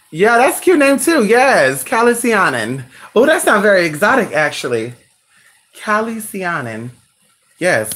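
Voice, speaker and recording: Lively chatty host saying "honey" often. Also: mid-range voice. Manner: chatty, calls everyone "honey"; talks to their dog between remarks. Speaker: live-stream host. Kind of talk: casual chat with viewers.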